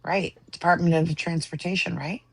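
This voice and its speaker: A woman's voice: on the low side, steady tone, normal speed, husky, no echo. A woman moderating a political panel debate, quizzing the others in a pointed, sarcastic way.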